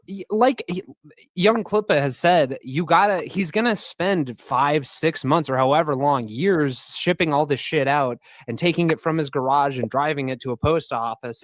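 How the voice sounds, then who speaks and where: A man's voice: on the high side, no room sound. Indignant man in a rambling rant. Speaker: co-host. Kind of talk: casual livestream commentary.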